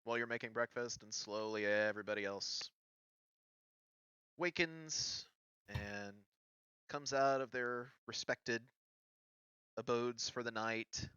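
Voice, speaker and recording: A man narrating a tabletop game as game master, with a slow, relaxed delivery. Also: mid-range voice, smooth, dry recording, lo-fi sound.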